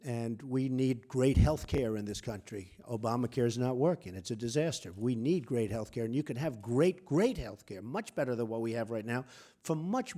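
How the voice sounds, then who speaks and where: A man's voice: mid-range voice, warm tone. A man giving a luncheon speech as a guest speaker, boastful and repetitive, talking in punchy short phrases at a podium microphone. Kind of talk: speech delivered as casual anecdotes. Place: hall at a press club luncheon.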